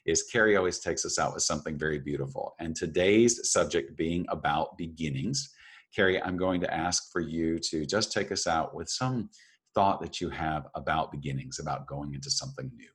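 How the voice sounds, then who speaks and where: A man's voice: a bass voice, normal speed, breathy edge. A man co-hosting a reflective talk show, speaking in an earnest, encouraging way and repeating phrases for emphasis. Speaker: podcast co-host.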